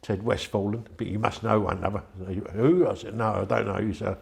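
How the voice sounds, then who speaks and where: An older man tells his story in a chatty, meandering way, slipping into the voices of the people he remembers. His voice sits fairly low and carries a gravelly rasp. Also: fast, a little mellow. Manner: rambling, chatty, acts out quoted voices. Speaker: interviewee. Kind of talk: anecdotal storytelling.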